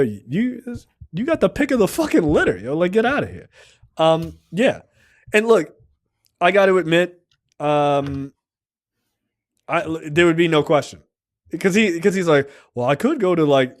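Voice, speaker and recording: A man's voice: on the high side, normal speed, long pauses. A man co-hosting a casual movie review podcast, telling scenes with swearing and acted-out quotes. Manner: animated storytelling, acts out quotes, swears freely. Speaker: podcast co-host.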